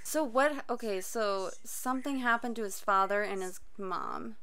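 A young woman doing a casual anime reaction, excitable and quick to gasp and shriek. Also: mid-range voice, clear, resonant tone. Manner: excitable, gasping and shrieking in surprise.

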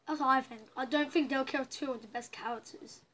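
A woman's voice: high-pitched, steady tone, fairly quick, fairly bright tone, rough recording. A woman giving casual, rambling commentary while playing a story game, reacting aloud as she goes. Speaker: gaming channel host. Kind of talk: casual let's-play commentary.

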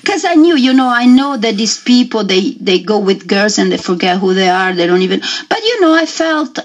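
Husky woman, halting and emotional. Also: a little high. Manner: halting and emotional, acts out quoted dialogue. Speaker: interview guest. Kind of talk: emotional radio interview. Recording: muffled lo-fi radio audio.

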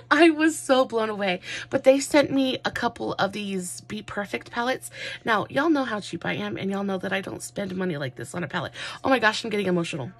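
A woman's voice: mid-range voice, creaky. A woman chatting through a makeup tutorial, rambling and gushing with lots of fillers. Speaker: makeup vlogger.

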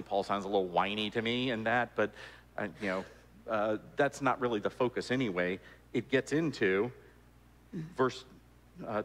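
A man's voice: lowish voice, fairly bright tone. A man giving a conversational sermon, with frequent restarts and fillers. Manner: conversational, repeats words, many fillers and restarts. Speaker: preacher. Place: church sanctuary. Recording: long church reverb.

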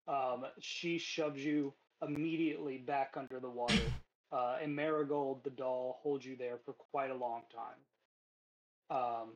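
Man, game master, relaxed narration, frequent fillers, lo-fi muffled audio. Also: medium pitch, measured pace.

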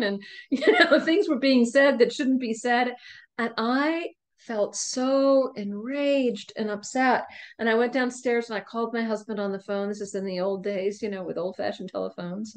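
Middle-aged woman guesting on a podcast, telling her story with lots of life and laughs. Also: mid-range voice. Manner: animated, laughs often, vivid retelling. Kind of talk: storytelling in conversation.

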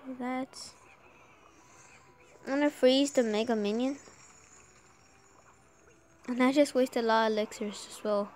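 High-pitched woman gamer, sore throat, getting a cold, cheering her game on out loud. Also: a little slow, long pauses, slight background noise. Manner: excitable, urging the game on aloud. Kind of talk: live gameplay commentary.

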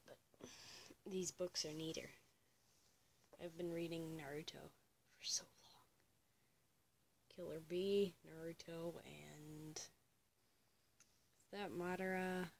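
A young teenage girl rambling in a casual home vlog, drifting into soft whispered asides and cooing high at her pet. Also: a little hiss or hum. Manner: high coo when talking to her pet. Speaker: vlogger. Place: home room.

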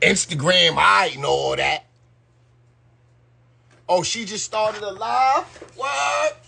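A man's voice: high voice, animated, takes it slowly, gravelly, bright, forceful tone, a little hiss or hum. A man giving loose, slangy live-stream commentary and talking straight to his viewers. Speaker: YouTube commentator.

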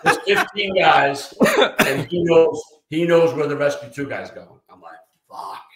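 A man's voice: on the high side, unhurried. New guy spinning salty war stories, lots of quoted back-and-forth, echoey room. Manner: profane, animated anecdotes with quoted dialogue. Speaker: retired fire lieutenant guest. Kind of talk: casual storytelling interview. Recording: roomy echo.

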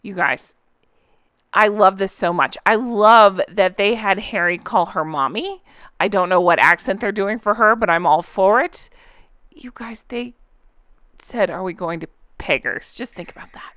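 A woman's voice: medium pitch, unhurried, a bit bright, no room sound. Woman, reaction host, chatty and giggly, casual asides, close dry sound. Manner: chatty, giggly, lots of fillers and asides to viewers.

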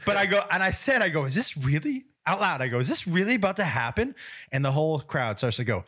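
A man co-hosting a podcast in a studio, telling a story in a casual, animated way and laughing often. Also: on the high side, fast talker, husky. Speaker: podcast co-host, comedian.

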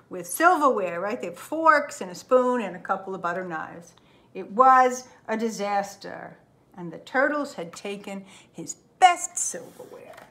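A woman librarian reading a picture book aloud to children, expressive and chatty, often checking in with "right?". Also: mid-range voice. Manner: lively, expressive storytelling with frequent "right?".

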